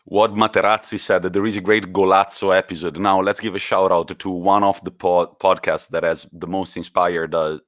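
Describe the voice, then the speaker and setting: A man co-hosting a casual football podcast, animated and swearing freely as he retells stories. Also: sits low, normal speed, hardly any pauses, no room sound, clean studio sound. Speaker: podcast co-host.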